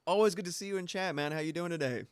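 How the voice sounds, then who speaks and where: A man's voice: fairly high pitch, rapid-fire, over music. A man streaming a video game, chatting casually in a loose, rambling way and swearing freely. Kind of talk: casual chat while gaming.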